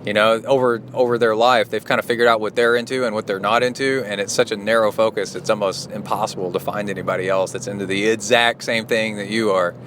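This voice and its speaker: A middle-aged man talks casually as a podcast host and coach. His voice sits fairly low, and he rambles with frequent fillers and self-corrections. A faint noise floor runs under the recording. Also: steady tone, quick pace, hardly any pauses, a bit bright. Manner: rambling, with many fillers and restarts. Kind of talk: casual solo podcast recap.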